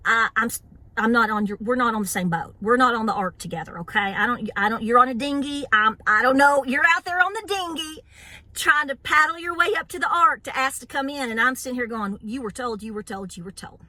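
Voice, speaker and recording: A woman's voice: on the high side, fairly quick, sharp tone, dry recording. Blunt, sassy woman. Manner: blunt and sassy, laughs often. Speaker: homestead channel host. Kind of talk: opinionated casual vlog rant.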